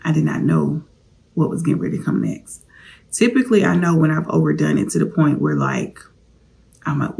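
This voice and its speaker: A woman's voice: low-pitched, creaky, a little mellow, slight background noise. A woman vlogger candidly telling a personal story, confiding straight to her viewers.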